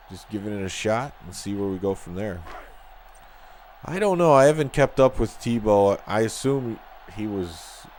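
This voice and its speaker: A man with a Chicago accent talks his way through a football video game in a low voice, chatty and easygoing. He reacts to the plays and answers viewers as he goes, with a faint hiss under the voice. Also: darkish tone. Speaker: gaming channel host. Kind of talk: casual commentary while playing a football video game.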